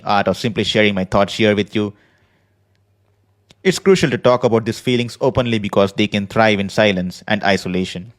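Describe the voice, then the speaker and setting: A man hosting a podcast, speaking in an earnest, measured personal monologue from a prepared script. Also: lowish voice. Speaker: podcast host. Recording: podcast voice recording.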